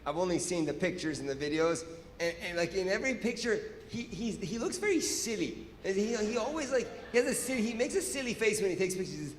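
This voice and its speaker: A man doing stand-up, telling a story in an animated, profane way and acting out scenes on stage. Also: high voice, a little fast, slight background noise. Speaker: stand-up comedian. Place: stage in a large hall. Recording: echoey hall with reverb.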